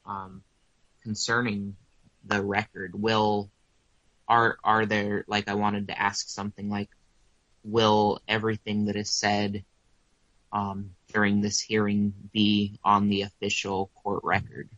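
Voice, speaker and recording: Hesitant low-voiced man. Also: completely flat delivery, takes it slowly, a bit bright, dry recording. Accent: American. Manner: hesitant, many fillers. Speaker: participant asking questions. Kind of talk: casual group discussion. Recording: dry, slightly dull lo-fi recording.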